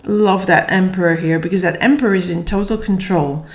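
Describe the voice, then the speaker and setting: A woman giving a casual tarot reading, slightly hoarse and tired, thinking aloud and searching for words. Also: fairly low pitch, a little fast, a little hiss or hum. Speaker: tarot reader. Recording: echoey room.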